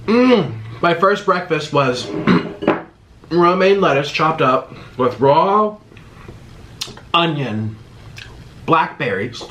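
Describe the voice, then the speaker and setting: A man talks over a video he is reacting to, snacking between remarks and tossing out quick asides. His voice sits a bit high and swings widely in pitch. The room around him gives a noticeable echo. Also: lively intonation, fairly bright tone, a little hiss or hum. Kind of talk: casual reaction commentary while eating. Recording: roomy echo.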